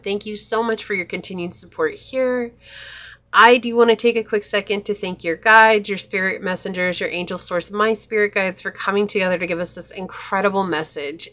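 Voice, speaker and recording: A woman's voice: lowish voice, fairly bright tone. A woman giving a tarot reading in an earnest, emotional, spiritual way. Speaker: tarot reader.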